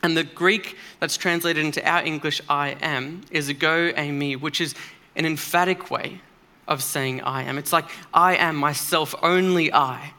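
A man's voice: on the high side, steady tone, normal speed, pushed and bright. A man preaching a sermon in a church, earnest and emphatic, speaking conversationally with occasional fillers.

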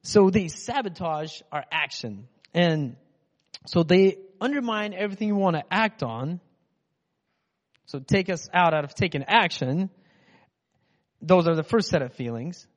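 A man from Russia with a notably high voice preaches in a loose, rambling, conversational way, as though chatting with the congregation. His voice trails off into a long hall echo, and the recording sounds dull and muffled. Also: animated, a little slow, pauses often. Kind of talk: casual conversational sermon.

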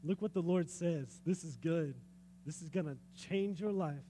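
High voiced guy preaching, chatty, keeps asking the crowd stuff. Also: unhurried, a little hiss or hum. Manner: lively, conversational, asks the audience questions, laughs often. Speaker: pastor. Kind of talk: sermon.

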